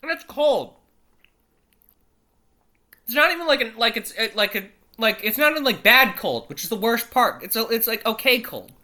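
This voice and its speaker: A man's voice: very high-pitched, lively intonation, normal speed, pauses often, bright, forceful tone. A man hosting a casual solo show, reading out news quiz questions and reacting with frequent swearing and exasperation, stumbling over place names. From not British. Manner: profane, exasperated, self-interrupting. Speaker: show host.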